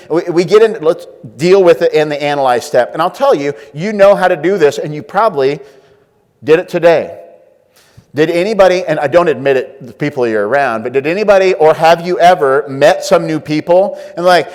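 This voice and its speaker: A man giving a lively conference workshop talk, acting out inner voices and quizzing his audience. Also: fairly high pitch, brisk, long reverb tail. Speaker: workshop speaker. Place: large conference room.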